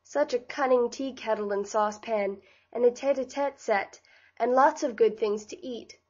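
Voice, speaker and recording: A woman's voice: a little high, moderate pace, dull audio, lightly acted. A woman reading the part of an eager, childish younger sister, in a gushing, delighted way.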